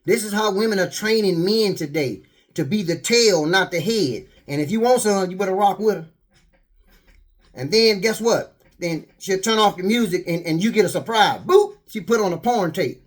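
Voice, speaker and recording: An older man preaching and telling stories, animated, acting out quotes and often repeating words. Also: sits high, normal speed. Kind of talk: street sermon, storytelling.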